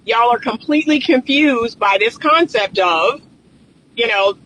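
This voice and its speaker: A man with a high, bright voice talks through dating advice from inside a car. He is chatty and emphatic, hammering his points home with repetition. A faint hum of road noise sits underneath. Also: expressive, a little slow, rough recording. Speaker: relationship coach. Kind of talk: casual talking-head commentary.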